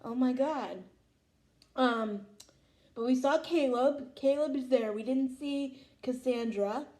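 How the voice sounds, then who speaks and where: Gushing young woman with a mellow voice. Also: high-pitched, slow pace. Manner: gushing, emotional, lots of "oh my God". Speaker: vlog host. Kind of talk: casual fan reaction chat.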